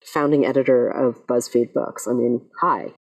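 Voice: mid-range voice, normal speed, slightly rough, no room sound, recorded from a distance, poor audio. Thoughtful interviewer, heard from off-mic. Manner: thoughtful, framing questions at length. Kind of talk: interview questions.

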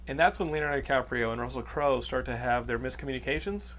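A man's voice: medium pitch, fast, few pauses, a bit bright. A man from Texas hosting a podcast, chatting loosely about a movie with many fillers and a profane streak. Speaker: podcast host. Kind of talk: casual chat, movie review.

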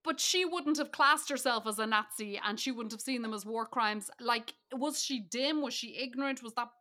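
A woman co-hosting a podcast, talking through a film in a quick, lively way. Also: fairly high pitch. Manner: lively, quick, laughs often. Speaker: podcast co-host. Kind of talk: casual film review chat.

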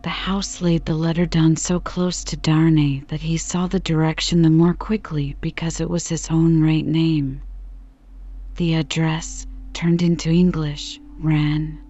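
A woman narrating an audiobook in a measured storytelling manner. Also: sits low, little pitch movement, mellow. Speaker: audiobook reader. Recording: dull lo-fi recording with faint music.

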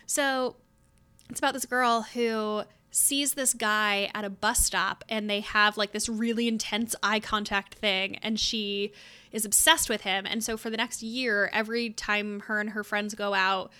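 A woman's voice: medium pitch, fairly even intonation, unhurried, pushed and bright, clean tone. A young woman co-hosting a podcast, chatting casually and upbeat about books with lots of filler words. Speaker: podcast co-host.

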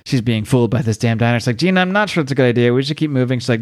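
A man hosting a comics podcast, casually recapping a story and acting out the dialogue in raised, excited voices. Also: fast talker, hardly any pauses, no echo, studio quality. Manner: acts out dialogue with high-pitched voices, swears casually. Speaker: podcast host.

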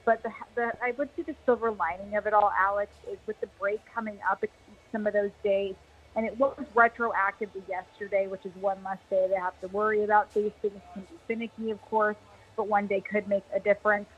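A woman's voice: mid-range voice, little pitch movement, a little fast, breathy edge, muffled recording. Chatty woman baseball analyst. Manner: chatty, self-deprecating. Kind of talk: casual sports chat.

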